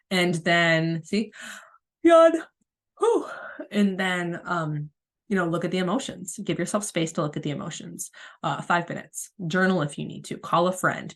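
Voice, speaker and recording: A woman with a cold, hosting a solo podcast as a spiritual coach in a gentle, chatty, rambling way. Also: fairly low pitch. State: has a cold. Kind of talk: casual solo podcast monologue.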